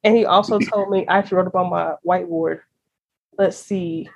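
A woman in her thirties hosting a faith podcast, talking in an animated, casual way and laughing often. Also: fairly low pitch, brisk, creaky, highs cut off, a little hiss or hum. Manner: animated, laughs often, uses y'all and girl. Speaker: podcast host. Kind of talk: casual chat.

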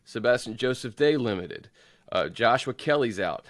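A man hosting a sports talk show in a mid-range voice. He talks in halting bursts and repeats words as he goes, and the sound is dry and close. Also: mid-range voice, expressive, dry recording. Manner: stammering restarts, runs through lists. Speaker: host.

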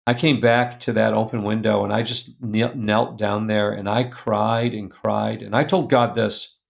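Gravelly man telling an earnest story. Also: on the low side, little pitch movement, unhurried. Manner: earnest, confessional, drops quiet and soft in painful moments. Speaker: guest speaker. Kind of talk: personal storytelling in a conversation.

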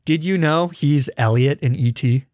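A man's voice: fairly high pitch, normal speed, a little mellow, no echo, clean studio sound. A man in his twenties chatting casually as a podcast host, running a quiz game with his co-host. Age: 20s. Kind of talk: casual chat.

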